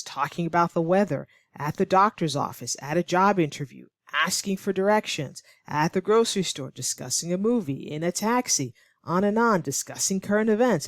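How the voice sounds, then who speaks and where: A woman teaching English online, explaining clearly and patiently, now and then acting out example lines to show tone. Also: fairly low pitch, no echo, clean studio sound. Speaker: ESL teacher.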